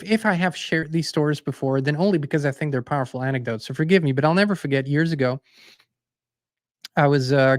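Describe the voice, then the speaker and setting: A man hosting his own show, telling anecdotes with emphasis and acting out the other voices, then speaking bluntly and forcefully. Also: mid-range voice, no room sound, studio quality. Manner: forceful and blunt toward the end. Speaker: host and songwriter. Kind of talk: casual spiritual monologue.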